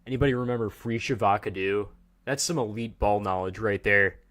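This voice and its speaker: Low-voiced man casually chatting on a livestream. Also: brisk, a bit bright. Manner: joking, rambling, talks to chat. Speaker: livestream host.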